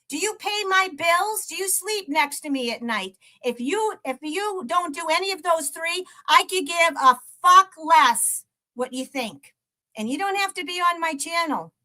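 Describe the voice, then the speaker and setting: With an extremely high, sharp-toned voice, this livestream host rants at a troll, cursing and taunting in mocking commentary and laughing between each jab.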